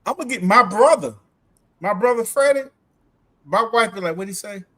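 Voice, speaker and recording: A man's voice: very high-pitched, moderate pace. A man, chatting casually as a livestream co-host and telling stories with laughs. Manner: animated, laughing storyteller. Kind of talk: casual chat.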